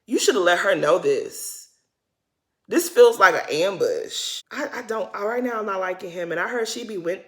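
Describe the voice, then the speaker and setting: A woman vlogger with a lowish, fairly bright voice gives a sassy, blunt, casual recap of a reality show. In this reaction commentary she speaks straight to the cast members, calling them "girl."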